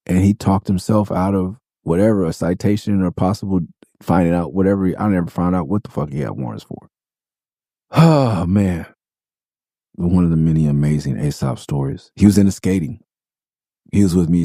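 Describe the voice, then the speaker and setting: A middle-aged man hosts his own podcast and spins casual stories, cursing freely and slipping into acted quotes. His voice sits very low with a dark, mellow tone. The sound is dry and close. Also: moderate pace, dry recording. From Los Angeles. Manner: loose, profane storytelling with acted-out quotes. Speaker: podcast host. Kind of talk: casual storytelling monologue.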